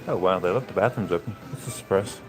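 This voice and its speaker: A man's voice: low voice, quick pace, over music. A man live-streaming while walking outdoors on a snowy, windy night, chatting casually to his viewers and feeling the cold. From Central Florida. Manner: casual, rambling, talks to viewers. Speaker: vlogger. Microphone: handheld phone.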